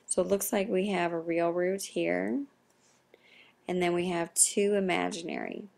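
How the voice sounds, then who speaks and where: A young woman, a math teacher, explaining a recorded lesson in a quiet, half-whispered voice. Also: fairly low pitch, sing-song, a little slow, creaky.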